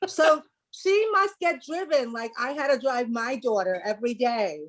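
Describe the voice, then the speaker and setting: A woman's voice: on the high side, normal speed. A middle-aged woman in a casual podcast chat, asking earnest questions and speaking from her own experience.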